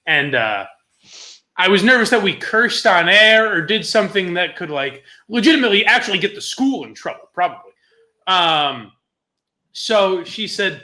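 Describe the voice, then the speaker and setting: Animated, laughing young man telling stories. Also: high voice, normal speed. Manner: laughs often, swears, animated retelling. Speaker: podcast co-host telling a story. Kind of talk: casual storytelling chat.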